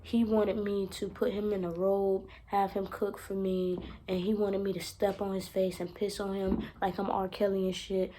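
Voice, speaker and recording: A woman's voice: mid-range voice, flat delivery, normal speed, few pauses, warm tone, slight background noise. A young woman vlogging in a casual monologue, blunt and profane, swearing freely and repeating her points for emphasis. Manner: emphatic, repeats herself for effect. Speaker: self-help vlogger.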